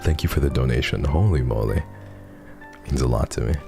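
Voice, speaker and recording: Very deep, gravelly man streaming. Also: fairly quick, music in the background. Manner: soft-spoken, earnest, often lapses into whispers; laughs often, gets teary while reading. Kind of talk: casual chat reading donations.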